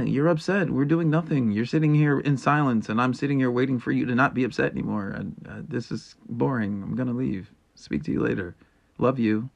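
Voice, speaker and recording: A man's voice: medium pitch, gravelly. Blunt, profane male podcast host. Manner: blunt and profane, lecturing listeners. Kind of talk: casual solo podcast monologue.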